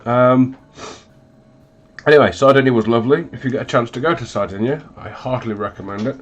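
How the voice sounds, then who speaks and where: Here the painting streamer speaks in a mid-range voice, fairly quickly. Congested from a recent illness, he rambles along with frequent ums and self-mocking comments, broadcasting from a hot home hobby room with closed windows.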